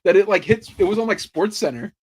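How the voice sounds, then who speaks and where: A man on a podcast telling sports stories in a casual, animated way, swearing freely and saying "like" a lot. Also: high-pitched, fast talker, breathy edge. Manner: animated storytelling, swears freely, lots of "like" fillers. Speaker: podcast host. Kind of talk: casual chat.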